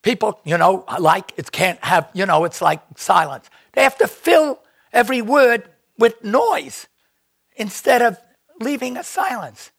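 An older man tells stories in an interview with a gravelly, husky voice that sits fairly high for a man. He rambles into tangents and mimics the people he quotes. The sound is close and dry, with no room around it. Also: unhurried, no echo. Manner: animated, acts out quoted voices; digressive, rambling. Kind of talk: storytelling anecdote.

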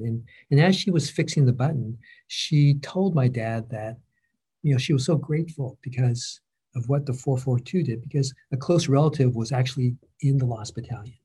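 A middle-aged man with a mellow, slightly husky voice leads a conversational interview. He speaks in a thoughtful, halting way, pausing to find his words. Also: mid-range voice. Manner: thoughtful, halting, gets emotional.

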